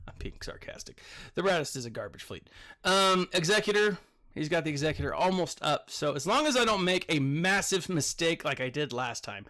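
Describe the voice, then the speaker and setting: A man's voice: on the high side, lively intonation, moderate pace, bright, forceful tone. A man who works as a teacher, chatting casually while commenting on a mobile game, a little tired, rambling with lots of fillers.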